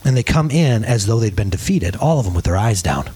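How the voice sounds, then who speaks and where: A man's voice: fairly low pitch, big pitch swings, brisk, mellow, husky. A man preaching a sermon at a church service, casual and joking as he tells a story. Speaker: pastor.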